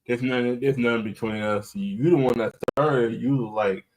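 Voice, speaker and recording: A man's voice: mid-range voice, normal speed. A man hosting a podcast in loose, rambling casual chat, often swearing. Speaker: podcast host.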